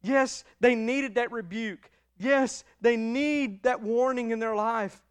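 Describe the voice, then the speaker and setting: A middle-aged man preaching a sermon as pastor, emotional and emphatic, swinging between loud declarations and hushed passages. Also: very high voice, slow pace, smooth.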